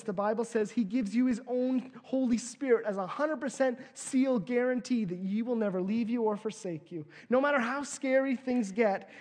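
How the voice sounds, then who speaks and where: Playful man preaching a sermon. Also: high voice. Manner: lively, playful, lets out small laughs. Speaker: pastor. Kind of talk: sermon with volunteers.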